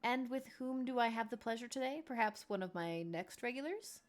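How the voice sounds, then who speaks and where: A woman's voice: on the high side, a little fast, pitched above the performer's own voice, close to an everyday voice. A woman voicing a friendly tavern innkeeper in a game, speaking in a hospitable, lightly teasing way. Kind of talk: reading game dialogue aloud.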